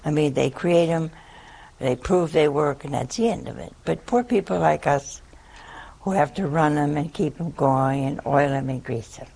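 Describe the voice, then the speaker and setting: A woman's voice: sits low, moderate pace, vocal fry, dark tone. An older woman, a nun, telling a humorous story to listeners in a chatty, self-mocking way. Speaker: nun giving a talk.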